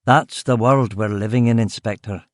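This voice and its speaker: A man's voice: fairly low pitch, steady tone, normal speed, dry recording, studio quality, lightly acted. A man voicing a grizzled, blunt detective chief of about fifty, with a faint Scottish accent. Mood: gruff, weary. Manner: blunt, gruff, swearing.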